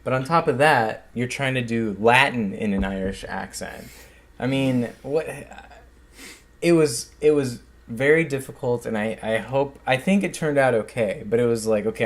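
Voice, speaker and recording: A man's voice: mid-range voice, moderate pace. An American man who co-directed and acted in the film, chatting in a casual director's commentary with dry, sarcastic asides. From United States. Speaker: co-director and actor.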